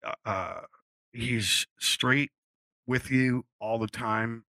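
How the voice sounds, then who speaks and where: A man's voice: mid-range voice, steady tone, drawn-out words, bright, forceful tone, no room sound. A man, a musician guest at a live event, telling casual stories to an audience in a rambling way, full of fillers and restarts, and swearing freely. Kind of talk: casual storytelling on stage.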